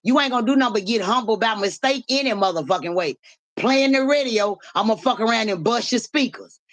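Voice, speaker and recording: A woman's voice: fairly high pitch, expressive, a little fast. A woman hosting a live stream in casual talk, repeating rhythmic, profane hype chants to her viewers.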